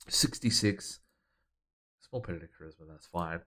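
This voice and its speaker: Low-voiced man calling game results. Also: unhurried. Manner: relaxed, matter-of-fact play-by-play. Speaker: host. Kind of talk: casual game commentary.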